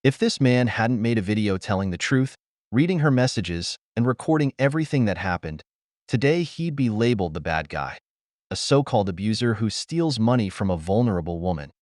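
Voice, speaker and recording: A man's voice: fairly low pitch, lively intonation, fairly quick, darkish tone, no room sound, studio quality. A man giving scripted reaction commentary, preaching to viewers he calls brothers.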